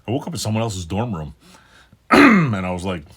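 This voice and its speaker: A man's voice: on the low side, wildly swooping pitch, normal speed, a bit bright, breathy edge. A man in his fifties talking casually in a personal vlog, rambling and swearing, with many fillers and restarts. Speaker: channel host.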